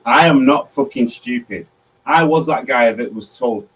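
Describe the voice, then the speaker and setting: A man's voice: medium pitch, a little slow, a bit bright. A man, co-hosting a casual late-night chat show and telling sweary, boisterous stories. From Manchester, England. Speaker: co-host. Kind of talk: casual banter. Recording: distant mic with faint background noise.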